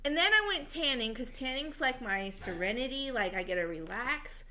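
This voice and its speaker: Woman, bright voice, chatty, swears casually, tipsy, live-stream co-host. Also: high-pitched, expressive, moderate pace. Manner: chatty storyteller, laughs a lot, swears casually.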